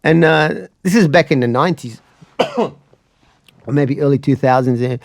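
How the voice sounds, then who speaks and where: A man's voice: on the high side, normal speed, no room sound. A comedian with a slightly raised voice trades dry, self-deprecating stories in an easygoing chat. He is close on the mic, and the sound is dead and dry with no room at all. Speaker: comedian guest. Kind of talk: casual podcast storytelling.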